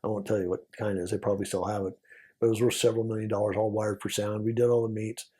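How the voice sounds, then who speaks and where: An older man, a retired federal agent, telling war stories in a relaxed interview. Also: on the low side, very fast. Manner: gravelly, husky, anecdotal. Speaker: retired DEA agent, guest. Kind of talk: casual storytelling interview.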